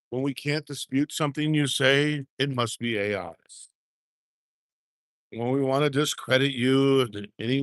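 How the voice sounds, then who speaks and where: A man chatting casually to his livestream viewers in a folksy, drawling manner. He speaks slowly, with an average-pitched voice. The sound is dry and close, picked up on a handheld camera rig. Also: fairly bright tone, no echo. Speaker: livestream host. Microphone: handheld gimbal camera.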